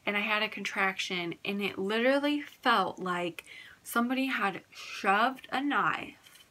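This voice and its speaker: Bright-voiced young woman, chatty vlog storytelling. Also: medium pitch, a little slow. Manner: chatty, candid, fills talk with "like". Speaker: vlogger. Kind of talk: casual personal storytelling.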